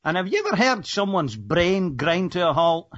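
A man's voice: sits high, very animated, moderate pace, fairly bright tone, highs cut off. Chatty older Scottish man on a radio call. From Scotland. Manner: chatty, amused, self-deprecating. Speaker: caller. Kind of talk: casual storytelling on a radio call-in.

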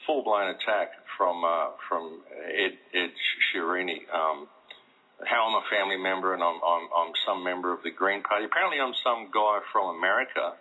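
A man's voice: low voice, moderate pace, pushed and bright. A man, talking in a rambling, casual way full of restarts, recorded with dull lo-fi sound. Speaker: radio show guest. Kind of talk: casual conversation.

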